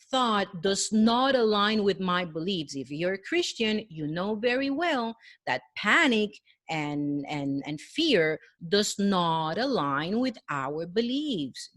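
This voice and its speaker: A woman's voice: mid-range voice, dry recording. A middle-aged woman, a wellness coach, giving an earnest, encouraging motivational talk with a guided breathing exercise, speaking straight to the listener.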